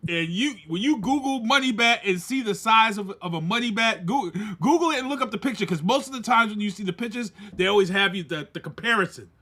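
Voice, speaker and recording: A man, co-hosting a podcast and telling a story casually, animated and laughing as he acts out quoted voices. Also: sits high, fast, few pauses. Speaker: podcast co-host.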